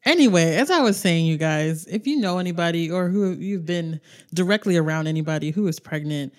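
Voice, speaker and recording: A woman's voice: lowish voice, a little mellow. Teasing woman podcast co-host. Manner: teasing, playfully dramatic. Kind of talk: casual podcast chat.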